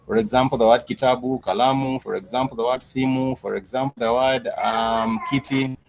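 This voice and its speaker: A man teaching a live-streamed language lesson, patient and repetitive, with many pauses and "uh" fillers. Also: medium pitch, steady tone, poor audio. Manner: patient, repetitive, says "uh" often. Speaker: Swahili teacher.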